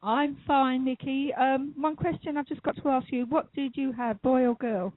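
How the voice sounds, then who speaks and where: A woman guest with a high voice answers in a friendly, brisk way, agreeing readily. Her voice is narrow and phone-like, with no room echo at all. It has the sound of a call-in radio interview. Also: fairly even intonation. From United Kingdom. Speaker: guest expert. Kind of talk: casual interview chat. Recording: dry, phone-like call audio.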